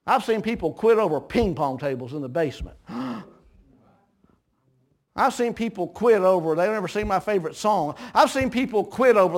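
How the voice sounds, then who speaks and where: Man, preacher, sermon, folksy, slightly high voice, hushed to shouting. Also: expressive, normal speed.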